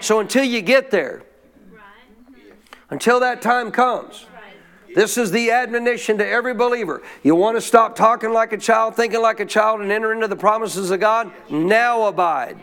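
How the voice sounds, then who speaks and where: A man preaching from the pulpit in a fairly high voice. He reads scripture and keeps stopping to quiz the congregation, pressing them to answer out loud. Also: moderate pace. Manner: call-and-response preaching, asks congregation questions. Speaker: pastor. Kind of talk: sermon. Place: church.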